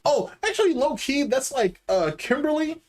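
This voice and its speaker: A man hosting a live stream, reacting to gameplay clips with animated, laughing trash talk. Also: extremely high pitch, normal speed, faint music behind. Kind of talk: casual live-stream commentary.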